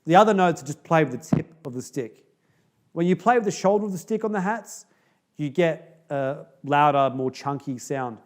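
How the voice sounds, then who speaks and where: A man's voice: on the high side, animated, moderate pace. Chatty man teaching drums. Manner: upbeat, chatty, with fillers like "kinda" and "okay?". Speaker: drum teacher. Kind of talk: casual video lesson.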